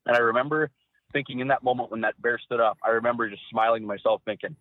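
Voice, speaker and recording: A man tells his hunting stories with lively energy, jumping up in pitch whenever he acts out what someone said. His voice comes through a dry, narrow, phone-like line. He talks at a middling pitch for a man. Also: fast, dry recording. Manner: animated storyteller, acts out quotes in a raised voice. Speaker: guest, former hunting cameraman. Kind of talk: storytelling interview.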